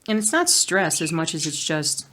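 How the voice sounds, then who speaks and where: A woman's voice: low-pitched, very animated, moderate pace, fairly bright tone. A woman chatting casually while cross-stitching at home at night, rambling and humming nonsense sounds to herself. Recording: noisy home recording with birds.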